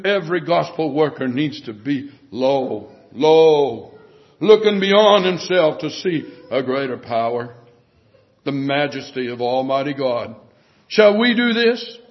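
A man with a high voice preaches a sermon with emphatic delivery, often sinking to a hush. The recording sounds dull and lo-fi. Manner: emphatic preaching that drops to hushed tones.

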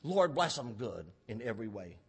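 A man preaching a sermon, fervent and with sudden loud emphasis. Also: medium pitch, sing-song, normal speed, breathy edge.

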